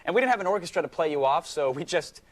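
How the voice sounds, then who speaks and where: A young man co-hosting a joking TV studio show, his voice bouncing over a wide, lively range. He teases and tosses out quips with upbeat announcer energy, sitting a little above the usual male pitch. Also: very fast. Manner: upbeat, teasing announcer delivery. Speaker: co-host.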